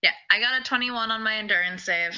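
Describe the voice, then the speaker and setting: A woman's voice: a little high, quick pace, crowd noise, rough recording. A woman playing in a tabletop game, talking casually with a blunt, wry manner. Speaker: player.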